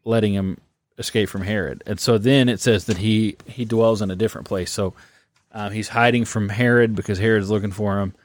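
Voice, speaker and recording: A man with a fairly low voice co-hosts a casual podcast, walking through a story with relaxed, jokey asides. The sound is dry and close, with no room behind him. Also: fairly quick, no room sound. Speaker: podcast co-host. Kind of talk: casual podcast chat about the Bible.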